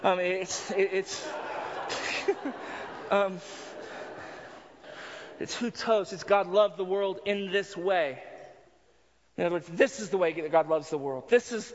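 Earnest male pastor preaching, high voice, muffled recording with a long hall echo. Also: slow, pauses often, a little hiss or hum. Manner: earnest, repeats words while building a point. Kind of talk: sermon. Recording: dull sound with long reverb in a hall.

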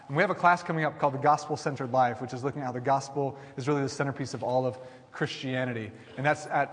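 A man pastor preaching a sermon, building with repeated declarations and frequent restarts. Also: medium pitch. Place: large church hall. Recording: long hall reverb.

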